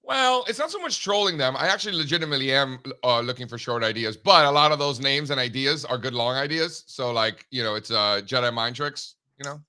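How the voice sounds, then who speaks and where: A man hosting a markets show, teasing his co-hosts in quick banter. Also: medium pitch, expressive, sharp tone, smooth. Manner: ribbing, quick back-and-forth. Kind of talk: casual chat.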